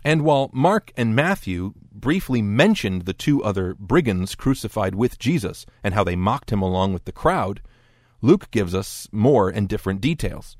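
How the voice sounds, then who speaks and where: Male lecture narrator, low and expressive, wry delivery, dry close mic. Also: moderate pace, no echo. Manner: dry, wry explanatory tone with lively quoted voices. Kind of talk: scripted narration.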